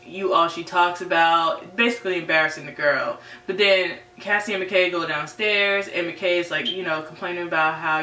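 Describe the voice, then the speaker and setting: Casual recap voice, bright and a bit sharp, mic kinda far off in an echoey room with a faint hum. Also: mid-range voice. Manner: chatty, full of "right?" and "you know". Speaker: TV series reviewer.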